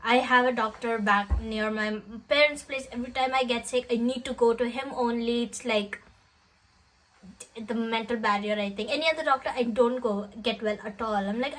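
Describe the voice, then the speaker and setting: A woman's voice: a little high, steady tone, moderate pace, fairly bright tone, poor audio. A young woman telling a personal story in a casual, emotional vlog, often laughing as she talks. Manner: chatty, emotional, laughing between words. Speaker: vlogger.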